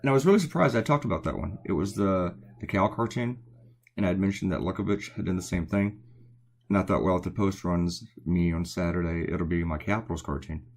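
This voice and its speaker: A cartoonist with a Southern accent and a low, creaky voice talks fairly quickly while drawing live at home. It's night, so he keeps quiet to avoid waking others as he rambles casually and answers viewer comments.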